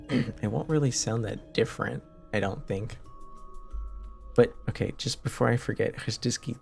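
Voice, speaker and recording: A man's voice: mid-range voice, vocal fry, a little mellow. A man in his twenties from Canada, chatting casually with his live-stream viewers and answering their questions with lots of fillers and restarts.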